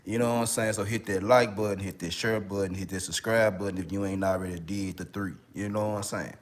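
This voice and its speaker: Speaking directly to his viewers, an online relationship coach from Memphis, Tennessee, with a Memphis accent delivers casual, slang-heavy commentary while still recovering from a cold. His voice is deep, his intonation fairly even and his pace fairly quick, and he keeps repeating "you know what I'm saying."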